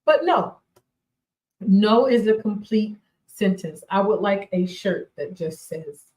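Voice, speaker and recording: A woman in her forties hosts a faith-based motivational talk show in a slow, emphatic delivery. She drives each point home by repeating key phrases and laughs often between them. Her pitch sits in the middle range, and the recording has a roomy echo. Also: animated, a little mellow. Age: 40s. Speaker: radio show host. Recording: roomy echoey sound.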